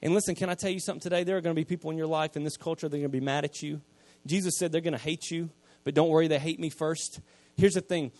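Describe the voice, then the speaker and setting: A man, preaching a sermon, retelling scripture in casual everyday speech and swinging from quiet asides to loud emphasis. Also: fairly high pitch, steady tone, rapid-fire, dry recording. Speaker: pastor.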